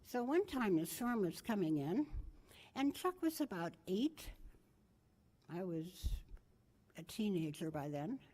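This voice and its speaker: A woman's voice: medium pitch, sing-song, a little slow, long pauses, mellow. An older woman giving a memorial tribute, telling family stories in a rambling, anecdotal way and correcting herself as she goes. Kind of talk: memorial storytelling speech.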